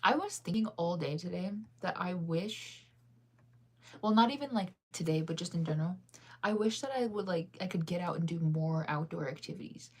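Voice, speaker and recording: A woman's voice: on the low side, moderate pace, breathy edge. A sleepy, yawning woman hosting a casual livestream, chatting in a rambling, giggly way as she answers viewers' comments. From United States. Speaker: livestream host.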